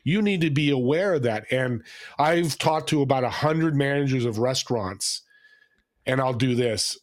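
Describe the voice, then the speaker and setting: Male guest, mid pitch, animated storyteller who acts out the characters. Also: normal speed. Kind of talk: conversational interview.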